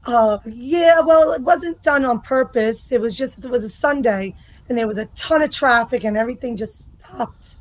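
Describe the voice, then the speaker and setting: A woman's voice: a little high, normal speed, no room sound, rough recording. A middle-aged woman from the Bronx with a New York accent, a guest in a casual podcast chat, blunt and profane.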